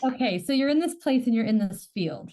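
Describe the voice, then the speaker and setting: A woman's voice: a little high, animated, fairly quick, dark tone. A woman hosting a podcast, curious and eager, sometimes searching for words in casual chat. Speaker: podcast host.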